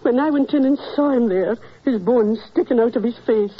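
A woman's voice: on the high side, normal speed, breathy edge. An actress playing a tearful, anxious older landlady in 1940s radio acting, stammering and breathless. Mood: distraught. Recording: dull old radio broadcast.

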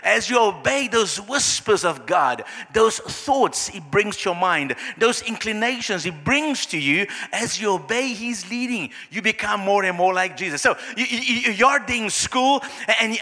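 Male pastor, high and bright, echoing hall sermon, dramatizes scenes quietly. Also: lively intonation, normal speed, few pauses. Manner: acts out little scenes in soft, low voices. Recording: long hall reverb.

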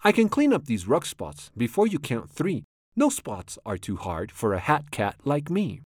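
A mischievous grown cat in a tall hat, put on by a man reading a storybook aloud talks in a breezy, coaxing way and shrugs off every mess. His pitch leaps up and down a great deal. The sound is dry and close, with no room around it. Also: wildly swooping pitch, moderate pace, darkish tone, husky, no echo. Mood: sly. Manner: laughing, coaxing, unbothered.

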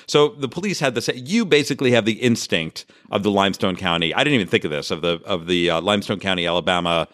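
A man's voice: fairly low pitch, quick pace, hardly any pauses, a bit bright, dry recording, clean studio sound. A man co-hosting a podcast, telling odd news stories in a jokey, casual way and often laughing. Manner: jokey storytelling, frequent laughs. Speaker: podcast co-host. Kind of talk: casual comedic chat.

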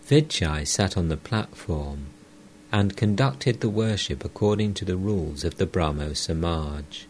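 A man reading a spiritual text aloud in a measured, deliberate way. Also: sits low, darkish tone, slight background noise. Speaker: audiobook reader.

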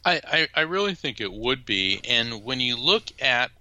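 A man who is a guest in an interview, talking as a lively, emphatic storyteller. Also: medium pitch, normal speed, no room sound. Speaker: psychic medium and lawyer, guest. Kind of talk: interview conversation.

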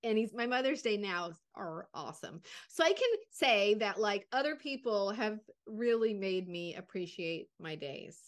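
A woman co-hosting a podcast, telling personal stories in an animated way and laughing often. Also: mid-range voice, unhurried, few pauses. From desert region. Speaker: podcast co-host. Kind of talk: casual storytelling.

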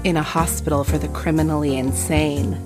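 A scheming teenage girl who spreads a juicy rumor, sly and mock-innocent, as a woman reading a book aloud puts her on. The voice sits fairly low, and music runs underneath the reading. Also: level tone, brisk, lightly acted.

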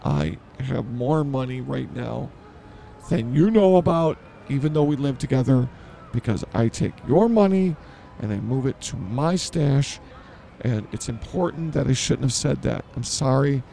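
A man's voice: mid-range voice, animated, measured pace, gravelly, dark tone, a little hiss or hum. A man hosting a comedy podcast who blurts things out and mocks himself in improvised banter. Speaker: podcast host.

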